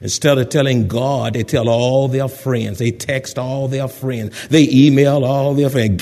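A man preaching a sermon in an animated way, acting out the voices of gossiping people. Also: medium pitch, moderate pace, few pauses, long reverb tail. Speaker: pastor.

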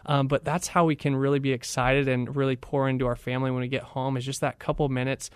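A man's voice: medium pitch, fast talker, smooth, no echo. A young man speaking as a radio guest, giving an enthusiastic, motivational talk and acting out the voices of people in his stories. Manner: enthusiastic, animated storyteller who acts out voices. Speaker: guest, training director.

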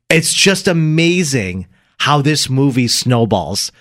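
A man's voice: mid-range voice, moderate pace. A man cohosting a morning radio show, joking and reading copy in casual banter. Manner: animated, joking, reads copy aloud.

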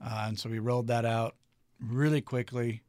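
A man's voice: medium pitch, steady tone, normal speed, darkish tone, no echo. A man who co-owns a restaurant, answering interview questions in an easygoing way with many filler words. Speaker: restaurant co-owner, guest.

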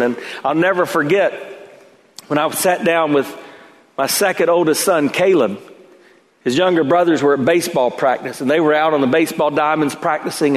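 A middle-aged man preaching a sermon to his church, telling a personal story that builds to emphatic peaks. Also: fairly high pitch. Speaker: pastor. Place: church sanctuary. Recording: long church reverb.

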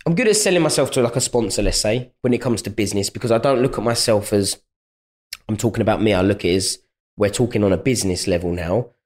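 A young man with a London accent, chatting as a fighter guest on a podcast, telling lively anecdotes and acting out what people said to him in a raised voice. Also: fast. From England. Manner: chatty storyteller, acts out quotes in a higher voice. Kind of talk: casual podcast interview.

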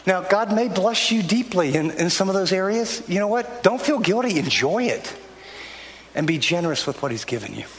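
A man's voice: high-pitched, big pitch swings, moderate pace, fairly bright tone, slight background noise. Earnest older male pastor preaching in a hall. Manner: earnest, conversational preaching with frequent restarts. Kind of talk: sermon. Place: church sanctuary. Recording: long hall reverb, faint ambience.

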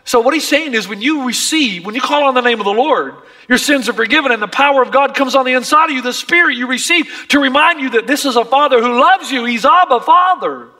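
A man's voice: very high voice, animated, fast, few pauses, pushed and bright, big-room sound. A man preaching a sermon as pastor, emphatic and impassioned.

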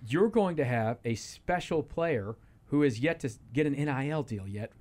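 Male sports radio regular, mid-pitched, rambling and emphatic, studio. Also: expressive, moderate pace, a little mellow. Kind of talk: casual sports talk.

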